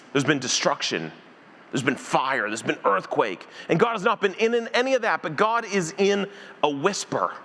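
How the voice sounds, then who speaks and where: Guy preaching in a church, high bright voice, big echoey hall. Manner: animated preacher who acts out voices in the story. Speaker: pastor. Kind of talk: sermon. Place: church sanctuary.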